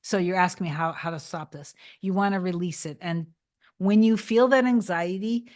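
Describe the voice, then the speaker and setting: A woman with a slightly low voice chats casually on a livestream. She rambles, restarts her sentences and fills gaps with "um" and "like". When she gives advice her voice goes soft and reassuring. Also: moderate pace. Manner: chatty, rambling, with many restarts and fillers. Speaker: manifestation coach answering live chat.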